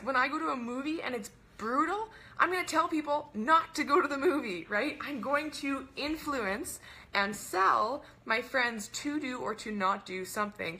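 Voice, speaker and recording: A young woman, a wellness coach, hosts a webinar in a fast, bubbly, casual chat peppered with "like" and "right?". Her voice is a little high, pushed, and bright.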